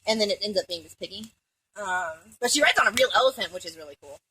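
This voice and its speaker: A woman with a bright, slightly husky voice gives a rambling, casual recap of a film. She swears freely, giggles, and keeps wandering off into asides. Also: mid-range voice, animated, fast, no echo, rough recording. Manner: rambling, profane, giggly, jumps between asides.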